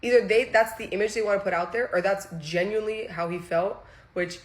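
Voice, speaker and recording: A young woman, a former content creator, telling a story in a casual monologue, animated and profane, restarting her sentences as she goes. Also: medium pitch, a little fast.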